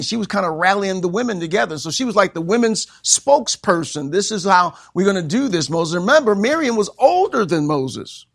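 High-voiced guy teaching bible class, bright tone, amen every other line, chuckles a lot. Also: creaky. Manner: says amen constantly, asks the class questions; chuckles often.

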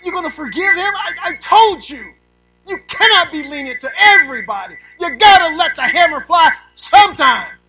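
A preacher putting on the voice of an indignant man who complains loudly to his superior, high and strained. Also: lively intonation, moderate pace, full character voice, low-quality recording. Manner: shouting, high-pitched and strained.

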